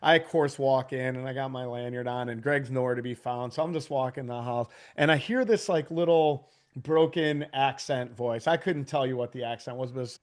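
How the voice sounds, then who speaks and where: A man's voice: mid-range voice, brisk, hardly any pauses. A man in his forties talks as a podcast guest in a loose, casual way. He tells stories with lots of animation, laughs often and swears freely. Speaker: podcast guest, business owner. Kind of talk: casual storytelling.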